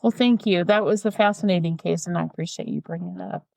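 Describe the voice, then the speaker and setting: A woman's voice: lowish voice, quick pace, vocal fry, a little mellow, dry recording. Giggly chatty woman, dry close sound. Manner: giggly, chatty, reads aloud with playful asides. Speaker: podcast co-host. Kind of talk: casual chat and reading listener mail.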